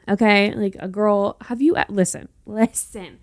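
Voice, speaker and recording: A young woman hosts her own podcast, chatting casually and wandering off on tangents with sassy little asides. She speaks at a medium pitch, close to the mic, and the sound is dry with no room echo. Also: steady tone, fairly quick, few pauses, a little mellow. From North Carolina, US. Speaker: podcast host. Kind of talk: casual solo podcast chat.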